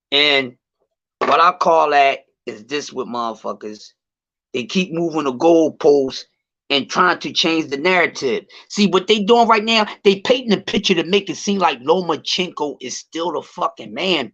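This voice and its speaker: On a casual livestream, a boxing commentary vlogger rants heatedly and profanely, stretching and repeating words as he drives his point home. His voice sits a little high and sounds a bit bright.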